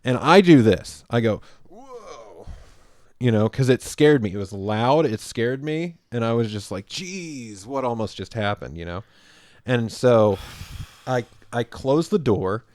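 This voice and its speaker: A man's voice: medium pitch, measured pace, no echo. A man co-hosting a podcast, telling a story in casual chat and acting out the quoted lines with lots of laughs. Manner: animated, acts out quoted lines, laughs often. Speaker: podcast co-host.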